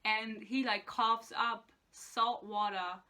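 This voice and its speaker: Bright-voiced young woman ranting sarcastically. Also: a little high, steady tone, slow. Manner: sarcastic, swears a lot, lots of "like". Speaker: book reviewer. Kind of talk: casual rant review.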